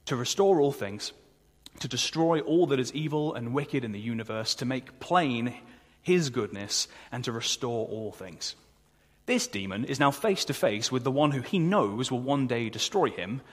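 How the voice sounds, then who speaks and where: A man preaching a sermon, earnest and conversational, asking the congregation along. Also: mid-range voice. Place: church. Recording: long hall reverb.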